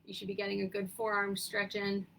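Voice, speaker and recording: A young woman leading a seated exercise class, with a raspy morning voice, counting down and giving encouraging cues. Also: medium pitch, monotone, fairly quick, a bit bright, slight background noise, low-quality recording. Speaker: fitness instructor.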